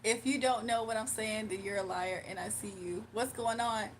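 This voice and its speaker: Young woman w/ an aave chatting on her live, high voice, laughs a lot, bit of faint noise behind. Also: normal speed. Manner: laughs often, animated storytelling, talks to chat. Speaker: livestream host. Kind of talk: casual livestream chat, reading comments.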